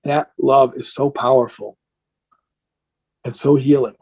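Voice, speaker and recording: A man's voice: medium pitch, fairly even intonation, slow pace, darkish tone, breathy edge. A man speaking as a rabbi in an impassioned question-and-answer talk, earnest and emotional, sounding tired and worn down.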